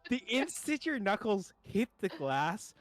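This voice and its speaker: Young male DM, animated, wandering delivery, dry close mic. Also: high voice, measured pace, dry recording, faint music behind. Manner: rambling, with many fillers and restarts. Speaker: dungeon master. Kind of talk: narrating a tabletop game.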